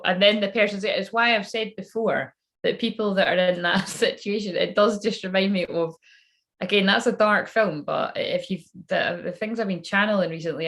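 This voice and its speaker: A woman with a somewhat low voice rambles through a psychic reading in loose, casual talk. She swears without a second thought and keeps laughing at her own jokes. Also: fairly bright tone. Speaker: psychic reader channeling messages.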